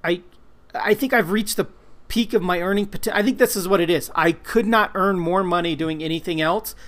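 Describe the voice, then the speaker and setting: Podcast co-host, man, rambling and profane, a little high-pitched. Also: fairly quick, fairly bright tone. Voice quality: rambling, profane, self-deprecating. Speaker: podcast co-host, comic colorist. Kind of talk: casual podcast chat.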